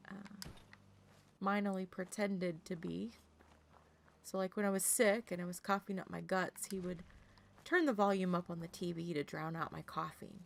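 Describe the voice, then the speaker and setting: A woman chatting casually with viewers, telling stories in an animated way and laughing often. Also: fairly low pitch, normal speed, vocal fry, slight background noise. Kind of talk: casual chat.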